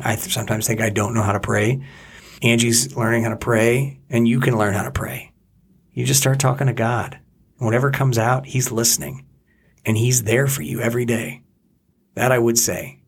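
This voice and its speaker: A man's voice: medium pitch, breathy edge. A middle-aged man co-hosting a podcast, talking in an earnest, rambling and heartfelt way, sometimes praying aloud. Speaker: podcast co-host. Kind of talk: casual chat and spoken prayer.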